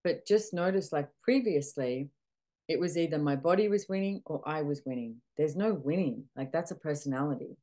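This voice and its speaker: A middle-aged woman with a low voice hosts a candid coaching conversation. She talks animatedly, acting out little back-and-forth dialogues and swearing casually. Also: animated, normal speed, mellow. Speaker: podcast host and facilitator.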